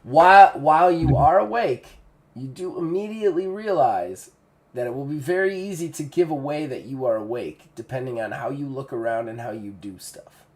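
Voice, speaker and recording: A man's voice: medium pitch, lively intonation. A man running a tabletop game as game master, narrating loosely with many fillers and restarts. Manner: loose, rambling narration with many fillers and quick character voices.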